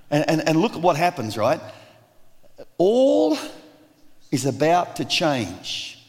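A man preaching a sermon, lively and acting out the voices of the crowd. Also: fairly high pitch, takes it slowly, long pauses. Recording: long reverb of a large hall.

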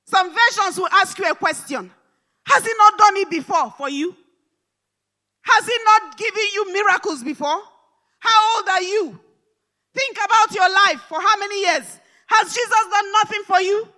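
A woman preacher delivering a live church sermon, fervent and repetitive, rising to shouted declarations. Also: very high-pitched, normal speed. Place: large church hall service.

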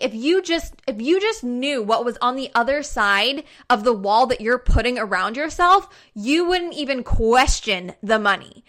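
A woman's voice: on the high side, a bit bright. A young woman giving an emphatic, fired-up motivational talk to her followers, repeating herself for punch and swearing casually.

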